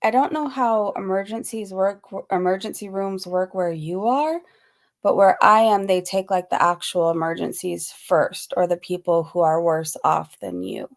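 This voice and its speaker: A woman hosting a reaction stream, reading chat comments aloud and making sarcastic, quick asides. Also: lowish voice, animated, gravelly.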